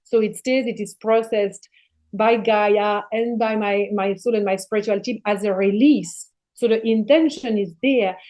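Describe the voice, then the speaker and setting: A middle-aged woman sits in as a podcast guest, her voice sitting a touch high. She talks in a casual, spiritual way and presses hard on her points, swearing freely as she goes. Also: darkish tone. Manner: emphatic, passionate, swears freely.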